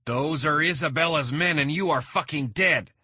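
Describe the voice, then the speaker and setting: A man doing a frantic, shouting hostage. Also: fairly high pitch, normal speed, breathy edge, no room sound, clean studio sound, voice pushed up, exaggerated voice. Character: panicky male hostage, frantic and loud.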